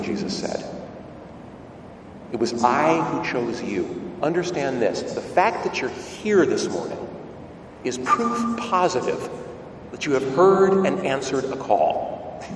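A male priest with a mid-range voice delivers a conversational homily in an echoey church, recorded from far away with slight background noise. He poses rhetorical questions and stumbles over repeated words.

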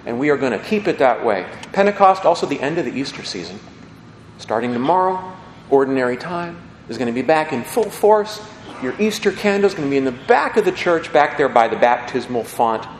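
A man's voice: medium pitch, sing-song, a little fast, a little hiss or hum. A man preaching a homily as a priest, conversational and folksy, often checking in with his listeners. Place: church. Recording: echoey church with long reverb.

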